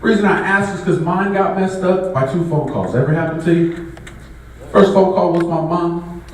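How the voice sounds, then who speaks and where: A man from the Bay Area does a loose, conversational stand-up set, riffing with the crowd at a live comedy show. His high voice moves at normal speed, picked up from afar in a large, very echoey venue with faint noise.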